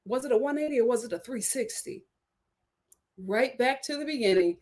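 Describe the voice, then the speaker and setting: A woman hosting a live-stream recap of a reality show, talking in a dramatic, animated way and laughing often. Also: on the high side, moderate pace. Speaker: reality TV review host.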